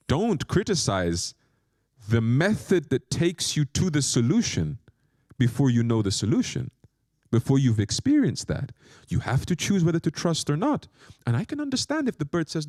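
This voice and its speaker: Animated male monk giving a lecture. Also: a little high, moderate pace, no echo, studio quality. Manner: animated storytelling with questions to the audience. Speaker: monk teaching spirituality. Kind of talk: spiritual lecture.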